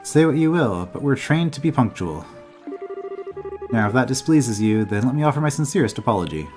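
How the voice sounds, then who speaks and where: A man reading the lines of a cold, formal masked soldier in a game, stiff and polite, in a mid-pitched voice close to his own. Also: sing-song, fairly quick, music in the background, natural voice.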